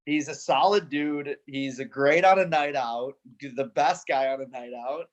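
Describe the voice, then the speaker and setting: A man's voice: mid-range voice, moderate pace, lo-fi sound. A young man as a podcast guest, rambling in casual chat with lots of "like". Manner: rambling, many "like" fillers, laughs. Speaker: podcast guest, hockey player.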